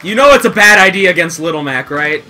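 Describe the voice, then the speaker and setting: A man's voice: on the high side, expressive, quick pace, bright, forceful tone, faint music behind. A young man joking and teasing his friends during a casual game session. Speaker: gamer. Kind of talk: casual gaming banter.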